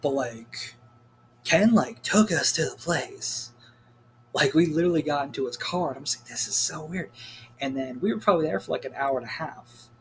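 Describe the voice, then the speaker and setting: A man's voice: fairly high pitch, expressive, normal speed, fairly bright tone, slight background noise. Rambling, cussing young guy. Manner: rambling, profane, heavy on "like" fillers. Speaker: vlogger. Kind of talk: casual storytelling rant.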